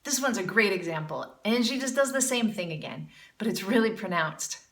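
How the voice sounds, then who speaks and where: A woman coaching jazz singers offers a friendly, upbeat critique at medium pitch, expressive and fairly quick, with slight background noise. She slips into scat to demonstrate, and the audio is roomy, a little off-mic, with music underneath.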